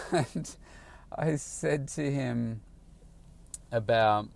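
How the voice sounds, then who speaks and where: A man, a personal trainer, telling a casual vlog story and acting out his own excited questions. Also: mid-range voice, extremely slow, creaky. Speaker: personal trainer, daily vlogger.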